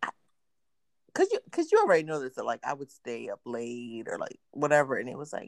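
A woman's voice: low-pitched, a little fast, creaky, no room sound, clean studio sound. A woman in her thirties chatting casually as a podcast co-host, telling stories and acting out quotes. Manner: animated storyteller acting out quotes. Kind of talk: casual chat.

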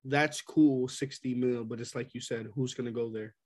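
A man's voice: medium pitch, moderate pace. A man co-hosting a casual sports talk, ranting heatedly and acting out quotes. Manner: animated, ranting, quoting people in voices.

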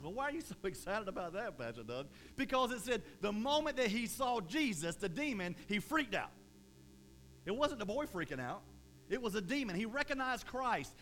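Animated man preaching a casual sermon. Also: sits high, a little hiss or hum. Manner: conversational, animated, acts out quotes. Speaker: pastor.

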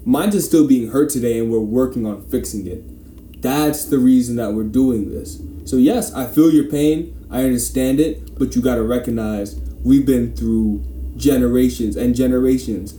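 A man's voice: medium pitch, normal speed, warm tone, a little hiss or hum. A man in casual discussion, making emphatic points with sarcastic rhetorical questions. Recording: echoey room.

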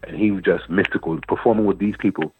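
A man's voice: low-pitched, fairly even intonation, quick pace, over music. A man in his fifties from Antigua, a guest poet telling a long story in a radio interview, repeating words and phrases as he goes. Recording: dry phone-like radio line.

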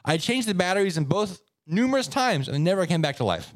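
Man, podcast co-host, animated storytelling, swooping pitch, dry close sound. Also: brisk, dry recording. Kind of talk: casual chat, reading stories aloud.

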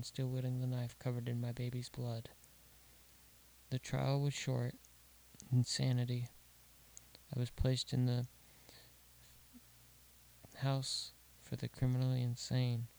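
A man reading a horror story aloud, slow and deliberate, dropping to a hush at grim details. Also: mid-range voice, completely flat delivery, creaky, a little hiss or hum, poor audio. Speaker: narrator. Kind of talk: scripted horror story narration.

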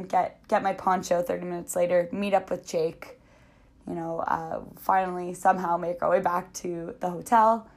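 Lower-voiced woman telling a personal story. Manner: reflective, chatty, many fillers. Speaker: podcast host.

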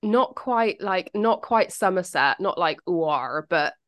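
A woman's voice: medium pitch, animated, unhurried. A woman with a British accent, co-hosting a podcast in casual chat, well-spoken and carefully enunciated, with the odd swear. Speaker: podcast co-host.

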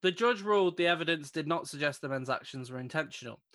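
A man's voice: on the high side, expressive, quick pace, sharp tone. A male podcast co-host reading out a news story in casual chat, amused and laughing between lines.

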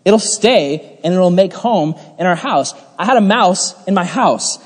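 A young man preaches a casual youth sermon in a fairly high voice. He rambles through jokey stories, leaning on "like" and laughing as he goes. The sound rings with the long reverb of a hall. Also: animated, measured pace. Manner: chatty, jokey, lots of "like", laughs while telling stories. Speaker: youth pastor.

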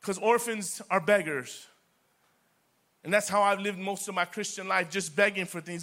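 A man preaching to his congregation in a high voice with a bright, forceful edge. He swings from near-whispers to loud declarations and drives his points home by repeating words over and over. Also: normal speed. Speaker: pastor. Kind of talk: sermon.

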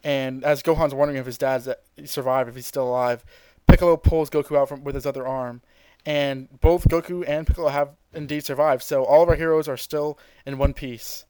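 A man hosting a podcast, retelling a cartoon episode in animated, casual storytelling and acting out quotes. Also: mid-range voice, fairly quick, clear, resonant tone, no echo, poor audio. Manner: animated storytelling, often laughs and acts out quotes. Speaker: podcast host.

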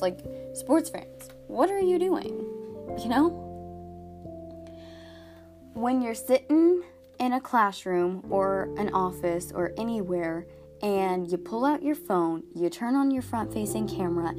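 A teenage girl hosting a podcast, talking in a chatty, exaggerated comedic monologue full of "like". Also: on the high side. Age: teens. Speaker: podcast host.

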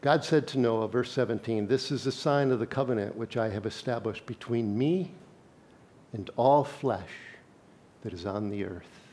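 A man at a middle pitch preaching to his congregation. He talks to them plainly and conversationally, breaks off to read scripture aloud, and stops now and then to quiz the room. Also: normal speed, mellow. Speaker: pastor. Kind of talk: sermon.

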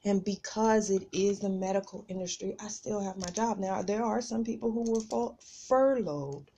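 A woman's voice: medium pitch, normal speed, hardly any pauses, dark tone, breathy edge. A woman hosting a podcast, telling a personal story in a chatty, casual way and talking straight to her listeners. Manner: chatty, addresses listeners as "y'all". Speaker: podcast host.

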